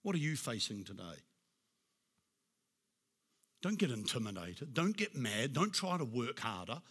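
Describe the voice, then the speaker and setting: A pastor preaching a sermon, emphatic, rising to loud declarations and dropping to a soft, hushed prayer. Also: male voice, mid-range voice, sing-song, unhurried, slightly rough.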